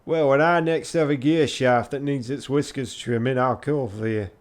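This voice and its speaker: A man doing a gruff Yorkshire woman artificer. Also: medium pitch, fairly even intonation, normal speed, close to an everyday voice. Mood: scornful. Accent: put-on Yorkshire. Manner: gruff, scornful, stumbling improvised lines. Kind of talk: live reading of a text game.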